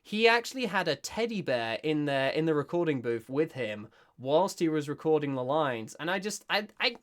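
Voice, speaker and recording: A British voice actor from Britain giving casual, excitable reaction commentary with many restarts. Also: mid-range voice, normal speed. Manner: excitable, gushing, stumbling restarts.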